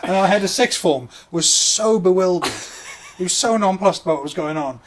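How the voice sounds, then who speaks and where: A man's voice: high voice, lively intonation, brisk, slight background noise. A man co-hosting a comedy podcast, telling a rambling anecdote full of fillers in casual chat. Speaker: podcast co-host.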